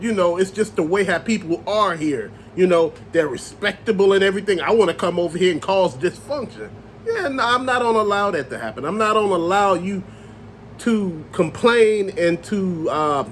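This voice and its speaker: Animated high-pitched man ranting. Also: a little hiss or hum. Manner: loose, animated rant with slang and cussing. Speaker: channel host. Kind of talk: ranting to camera.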